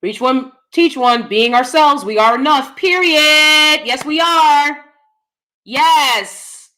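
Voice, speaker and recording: A woman, chatting casually and animatedly with her viewers while laughing often, swinging between loud bursts and soft asides. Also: high voice, slow. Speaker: channel host. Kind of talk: casual live-stream chat.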